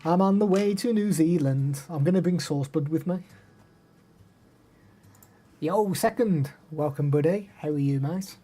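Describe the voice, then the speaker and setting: A man's voice: on the high side, unhurried, pauses often, dark tone. Chatty Midlands man streaming live. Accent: English Midlands. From the English Midlands. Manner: chatty, reads out viewer names and answers them. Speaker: live streamer demoing microphones. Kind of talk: casual live stream chat.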